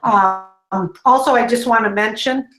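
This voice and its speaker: A woman's voice: a little high, unhurried, a bit bright. A woman hosts a call and walks listeners through products in an upbeat, explanatory way. She keeps checking in with the audience as she explains. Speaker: host.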